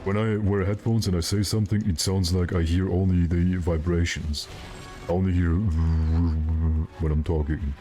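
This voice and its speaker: A man's voice: low-pitched, little pitch movement, measured pace, dark tone, soft background music. A male streamer chatting casually and rambling, with self-mocking jokes while he plays. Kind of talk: casual gaming stream chat.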